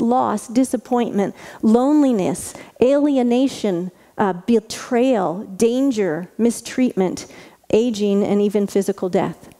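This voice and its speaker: A woman's voice: a little high, warm tone. A woman pastor giving a conversational sermon, chatty and full of asides and restarts. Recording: long reverb of a large hall.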